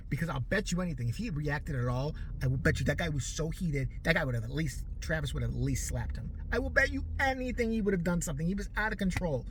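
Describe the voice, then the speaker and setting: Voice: medium pitch, a bit bright, a little hiss or hum. A vlogger delivering a profane, ranting commentary, laughing often.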